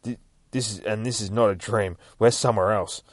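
A man's voice: fairly low pitch, fairly even intonation, a little fast, no echo, lightly acted. A man voicing a weary very old man, a lost dreamer turned hero, who rambles in a pleading, confused way, in a dry, close recording. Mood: urgent pleading.

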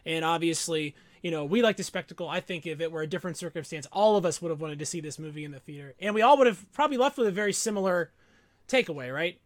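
A man co-hosting a casual movie review podcast, animated and jokey, often mimicking lines from the film. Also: fairly high pitch, fast, no room sound. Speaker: podcast co-host.

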